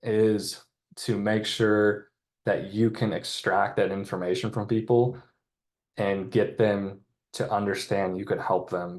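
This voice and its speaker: A man giving a casual sales training on a video call, talking in a relaxed, chatty way and acting out sales lines. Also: on the low side. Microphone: computer mic on a video call.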